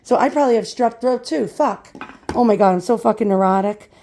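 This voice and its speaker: A hoarse woman hosting a vintage glass video, with a creaky, croaky voice she is losing. She rants profanely and jokes at her own expense. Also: on the high side, fairly quick, dark tone, a little hiss or hum. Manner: profane, ranting, self-deprecating. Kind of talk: casual vlog talk.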